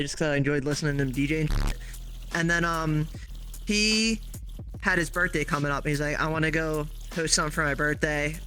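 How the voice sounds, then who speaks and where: A man's voice: on the high side, bright, forceful tone. A man hosting a casual chat over a game, laid-back and swearing freely, talking through a headset mic. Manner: laid-back, swears a lot, laughs often. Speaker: host. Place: virtual reality game session.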